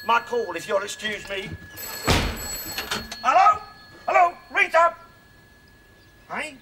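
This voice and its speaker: A ranting old grouch. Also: male voice, extremely high pitch, big pitch swings, slow, vocal fry, full character voice. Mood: grumbling, ranting. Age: older. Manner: blustering, shouting, rude. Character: cantankerous, bigoted older man, a loud-mouthed father. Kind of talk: sitcom acting. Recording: loud background noise.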